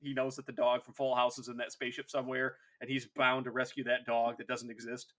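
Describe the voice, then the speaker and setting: A man's voice: medium pitch, monotone, fast, fairly bright tone. A man co-hosting a casual podcast, rambling through his points and laughing often. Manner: rambling, many fillers and restarts, laughs often. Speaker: podcast co-host. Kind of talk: casual chat.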